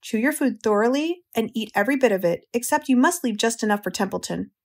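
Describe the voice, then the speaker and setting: Calm wise lady spider, read by a woman, firm but kind, steady and reassuring. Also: on the high side, quick pace. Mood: instructive.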